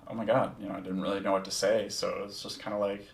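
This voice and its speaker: Podcast host, male, low gravelly voice; candid, reflective storyteller who swears freely; recorded in a roomy space, a bit back from the mic. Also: little pitch movement, quick pace, distant mic, slight background noise. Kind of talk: casual first-person storytelling.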